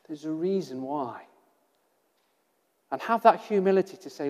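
A man preaching a sermon, earnest and steady, asking his listeners rhetorical questions and repeating phrases for emphasis. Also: on the high side, unhurried, pauses often. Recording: long hall reverb.

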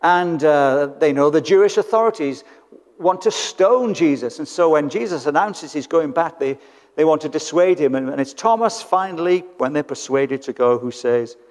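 British preacher in a reverberant church. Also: male voice, fairly high pitch, normal speed, darkish tone. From Britain. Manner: conversational, with rhetorical tag questions. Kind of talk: sermon. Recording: church hall with long reverb.

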